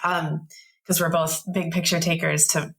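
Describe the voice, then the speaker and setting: A woman in her thirties, a podcast guest telling a story in a casual, animated way and acting out the voices of the people in it. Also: sits low, measured pace, vocal fry, poor audio.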